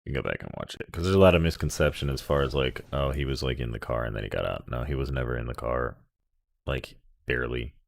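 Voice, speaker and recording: Very deep gravelly man, casual commentary. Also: animated, quick pace. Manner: offhand, talks while scrolling and reacting to footage. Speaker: livestream news commentator.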